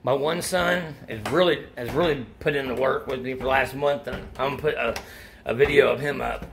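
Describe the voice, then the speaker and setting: Out of breath from a workout, this middle-aged vlogger casually discusses workout gear and supplements, offering supplement advice. His medium-pitched, gravelly voice is steady and a little fast, with a crowd audible in the background, and he rambles, often restarting sentences.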